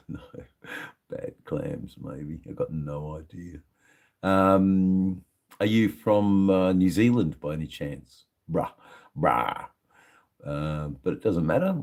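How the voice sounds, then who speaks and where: A man's voice: low voice, takes it slowly, pauses often, darkish tone. An Australian man hosting a casual livestream from his shed, rambling and greeting viewers in the chat one by one. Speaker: livestream host.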